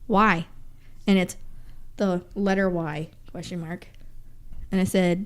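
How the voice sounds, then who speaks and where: Young female co-host, playful and giggly, relaxed back-and-forth delivery. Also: medium pitch, takes it slowly, long pauses, smooth. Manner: giggly, teasing banter. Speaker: podcast co-host. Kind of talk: casual chat.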